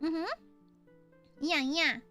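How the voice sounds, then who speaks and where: A woman's voice: sits high, fairly even intonation, extremely slow, pushed and bright, soft background music. A young American woman streaming casually, playfully thanking donors and shrieking back at her chat. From United States. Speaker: VTuber streamer. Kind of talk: casual livestream chat, reading donations.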